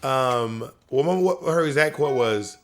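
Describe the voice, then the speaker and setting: A man in his thirties from the American South chats on a podcast at a middle pitch. He tells stories with animation and slips into quoted voices along the way. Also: unhurried. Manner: animated storyteller, acts out quotes. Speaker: podcast co-host. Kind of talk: casual chat.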